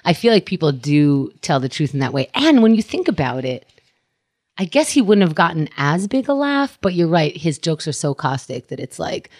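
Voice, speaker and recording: Chatty lady cohost, bit low voice, swoopy and playful, teasing her partner. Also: very animated, normal speed, darkish tone. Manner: chatty, teasing, laughs often. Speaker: co-host. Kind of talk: casual podcast banter.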